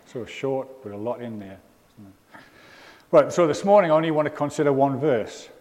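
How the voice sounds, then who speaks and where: An English man delivers an informal, rambling sermon in a church, his medium-pitched voice animated, a little mellow, and at normal speed. He's full of ums and asides, and the reverberant church hall echoes around him.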